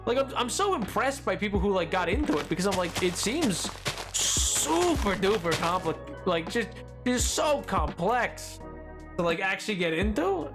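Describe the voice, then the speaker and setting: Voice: medium pitch, big pitch swings, moderate pace. A streamer from Britain chatting casually on a live stream, rambling and playful, often breaking off mid-thought. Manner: rambling, playful, self-interrupting. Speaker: game streamer. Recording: stream audio with music underneath. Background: background music from the stream.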